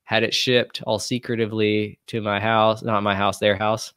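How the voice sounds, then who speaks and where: A man in his twenties, a guest musician, telling stories casually with animated, profane energy. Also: fairly low pitch, moderate pace, clean tone, dry recording, clean studio sound. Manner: animated, profane, mimics people in quotes. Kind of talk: casual storytelling chat.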